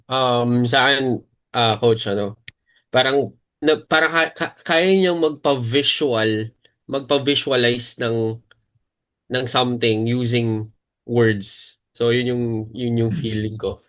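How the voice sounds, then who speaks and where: Slow, hesitant Filipino man. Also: mid-range voice, a bit bright. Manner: hesitant, searches for words in Tagalog. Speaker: student in a workshop.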